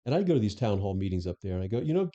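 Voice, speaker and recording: A low-pitched, warm voice delivers rapid-fire, sing-song speech from a former police chief who is a guest in a conversational interview. The ex-superintendent candidly recounts his experiences in anecdotes, often restarting. Audio quality is dull lo-fi podcast sound.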